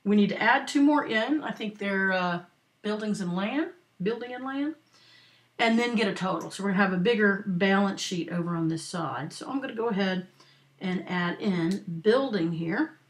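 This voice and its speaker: A woman's voice: mid-range voice, expressive. Patient woman teaching accounting. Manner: patient, talks slowly for note-takers; checks in with frequent "right?" and "okay?". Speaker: accounting instructor. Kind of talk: screen-recorded lecture walkthrough.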